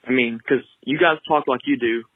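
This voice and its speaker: A man's voice: medium pitch, moderate pace, dry recording. A man from Arkansas with a Southern accent, calling in to a show in a laid-back, joking way. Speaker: caller. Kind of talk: phone call-in. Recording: tinny phone line.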